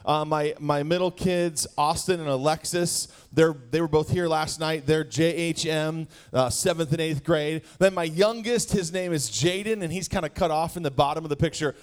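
Joking, animated youth-service speaker. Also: male voice, on the high side, moderate pace, hardly any pauses, clean tone. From Wisconsin. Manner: jokey, animated, talks straight to the crowd. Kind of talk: playful youth sermon. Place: church hall.

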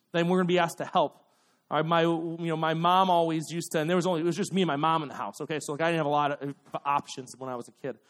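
Young guy youth pastor, kinda high voice, super chatty, lots of "like" and "okay?", acts out little voices. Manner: chatty, full of fillers and "okay?" asides; acts out quick voices for examples. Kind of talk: sermon.

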